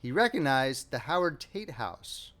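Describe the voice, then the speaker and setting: A man narrating a classic short story as an audiobook reader, with a wry, expressive delivery. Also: mid-range voice, measured pace. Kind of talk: scripted narration.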